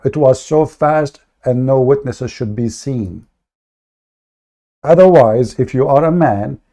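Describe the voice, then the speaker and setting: A man's voice: mid-range voice, dark tone. Combative man ranting on a livestream. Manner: aggressive, mocking, insulting. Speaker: livestream host. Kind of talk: heated livestream rant.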